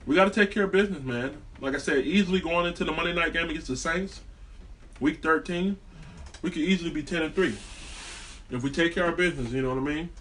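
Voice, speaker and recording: A man's voice: a little high, fast, fairly bright tone, recorded from a distance, a little hiss or hum. A man delivering a heated, profane, rambling sports rant as a fan vlogger.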